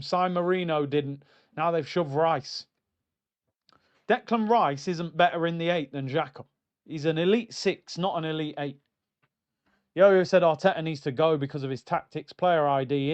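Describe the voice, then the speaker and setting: A man's voice: on the high side, smooth, highs cut off. A man hosting a live football watchalong, ranting in exasperation and reading out chat messages. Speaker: host of a football watchalong stream.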